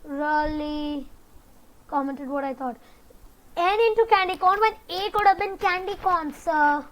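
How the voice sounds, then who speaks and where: A woman hosting a reaction video, making brief, unhurried remarks. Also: sits high, fairly bright tone, rough recording. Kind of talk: casual reaction commentary.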